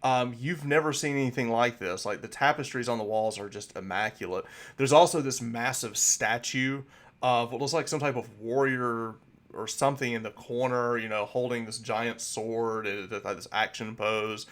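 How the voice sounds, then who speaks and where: Brief: casual male game master describing scenes, loose and rambling, mid-pitched. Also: steady tone, moderate pace, a bit bright. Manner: rambling, with many fillers and restarts. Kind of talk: narrating a tabletop game.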